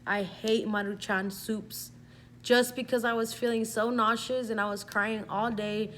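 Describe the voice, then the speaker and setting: A woman's voice: medium pitch, slight background noise. Young woman rambling through a personal story. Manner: rambling, heavy use of "like", slips into Spanish. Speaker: vlogger. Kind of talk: casual storytime vlog.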